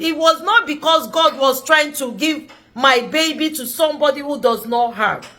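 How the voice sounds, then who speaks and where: A high-pitched middle-aged woman tells a personal story in a vlog. Her voice is bright and forward, and her delivery is earnest and emphatic. She often repeats a phrase to press her point home. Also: moderate pace. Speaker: vlogger.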